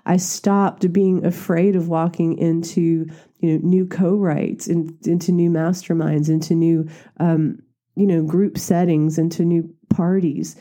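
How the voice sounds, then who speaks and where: Woman, coach, casual motivational chat, animated storyteller, very mellow tone. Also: unhurried. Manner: chatty, animated storytelling that jumps into high squeals when acting herself out. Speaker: coach and mentor.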